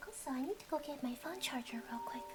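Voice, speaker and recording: A woman streamer doing whispered conversational ASMR, giggly and teasing, dropping between soft whispers and short voiced words. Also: high voice, expressive, fast. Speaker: VTuber streamer. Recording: soft music playing behind.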